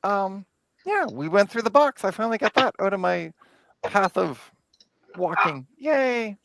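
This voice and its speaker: A woman's voice: mid-range voice, expressive, unhurried, gravelly, no echo, rough recording. A woman hosting a casual livestream, chatting with guests and laughing often. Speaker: host.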